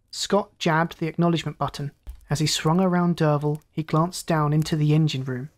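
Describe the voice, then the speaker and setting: A storyteller host reads a classic tale in calm, inviting scripted narration. The voice sits at a middle pitch and moves steadily through the prose. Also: fairly quick.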